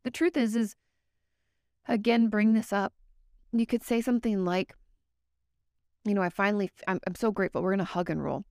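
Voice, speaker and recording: Gravelly-voiced woman therapist giving frank advice. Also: medium pitch, fairly even intonation, a little fast, long pauses, a little mellow, dry recording, clean studio sound. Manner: candid, conversational, occasionally swears. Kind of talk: casual advice talk to viewers.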